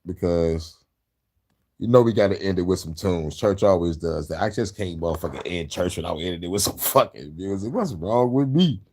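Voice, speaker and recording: A man's voice: sits low, brisk, darkish tone. A man hosting a casual late-night monologue, tired from no sleep, rambling and swearing freely in a laid-back way. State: tired, has not slept. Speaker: host.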